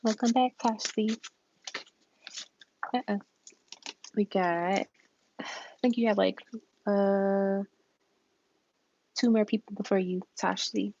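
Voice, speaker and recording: A woman's voice: medium pitch, fairly even intonation, takes it slowly, long pauses, darkish tone. A woman reading tarot cards live, chatting casually, laughing often and reading card messages aloud. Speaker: tarot reader. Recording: dull lo-fi stream audio with noise and keyboard clicks.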